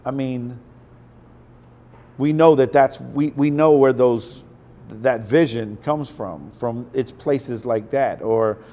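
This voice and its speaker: A man guesting on an interview, telling casual stories with a profane, animated delivery that slips into acted quotes. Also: medium pitch, slow. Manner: profane, animated storyteller who acts out quotes.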